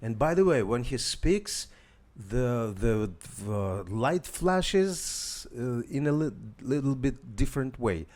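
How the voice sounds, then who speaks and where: A man's voice: mid-range voice, animated, slow pace, a little mellow. A man hosting a casual live demo, hesitant, with many fillers and restarts while talking to viewers. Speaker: tech demo host.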